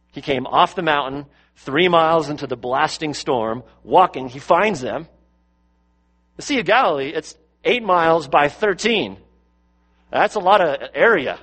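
A male pastor delivering a sermon, swinging between louder, higher bursts and low, quiet passages, with lots of rhetorical questions. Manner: rises and drops in pitch and loudness for emphasis, asks rhetorical questions.

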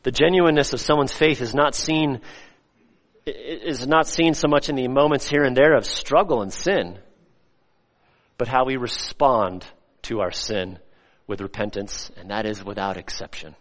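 A male pastor preaching a sermon, swinging between loud, rising emphasis and soft, hushed lines. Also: mid-range voice, normal speed. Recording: long hall reverb.

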